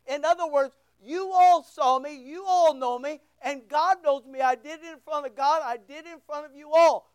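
A preacher giving an impassioned, emphatic sermon that swings between loud outbursts and hushed asides. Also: high voice, normal speed, hardly any pauses, dry recording.

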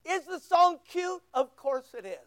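A preacher giving an impassioned, emphatic sermon that swings between loud outbursts and hushed asides. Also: very high voice, big pitch swings, measured pace, no room sound.

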